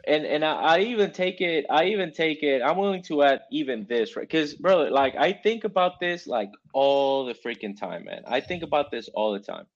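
A man explains a point emphatically in casual talk, often asking "right?" to keep the listener with him. His voice sits a little higher than most men's. The recording is dull and muffled. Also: animated, normal speed, few pauses. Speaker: Marine, former recruiter. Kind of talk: casual chat.

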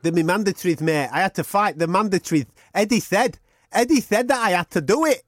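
Man putting on a brash boxer, cocky and slangy, a touch high, dry sound. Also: expressive, brisk, no echo.

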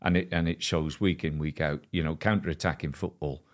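A man in his sixties, a former football manager, answering questions in a measured, conversational way. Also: a bass voice, steady tone. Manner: measured, frequent "you know" and restarts. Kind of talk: casual interview chat.

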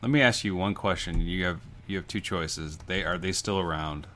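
A man in casual comedic chat, rambling through animated comic stories. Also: sits low, normal speed, slight background noise. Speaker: podcast co-host.

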